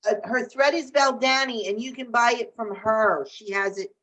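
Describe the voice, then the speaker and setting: A woman hosting a video call, taking questions from viewers in an unhurried way. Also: fairly high pitch, fairly bright tone. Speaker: host. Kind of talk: casual chat. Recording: distant video call audio.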